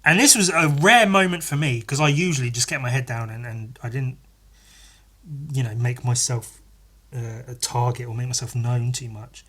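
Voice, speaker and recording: A man's voice: mid-range voice, normal speed, a bit bright. A young man hosting a podcast, telling stories in a sweary, sardonic way with frequent laughs. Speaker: podcast host. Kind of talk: casual storytelling monologue.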